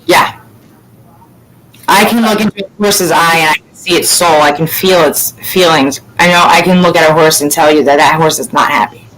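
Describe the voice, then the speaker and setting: A woman's voice: sits low, normal speed, fairly bright tone, slight background noise, low-quality recording. A woman hosting a casual chat, rambling and candid, swearing freely. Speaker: podcast host.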